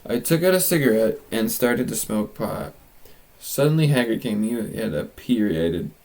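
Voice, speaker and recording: A man's voice: fairly low pitch, lively intonation, normal speed, darkish tone, low-quality recording. A man reading a fanfiction aloud for comedy, mocking it with exaggerated line readings and asides, his voice strained. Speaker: fanfiction reader.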